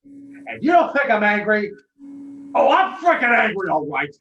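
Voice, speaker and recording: A man's voice: high voice, sing-song, unhurried, highs cut off, exaggerated voice. A man playing a bitter wounded veteran. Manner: defensive, rising to anguished shouting. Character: bitter wounded male veteran who lost a leg. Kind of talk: amateur virtual stage play. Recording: echoey room with faint noise.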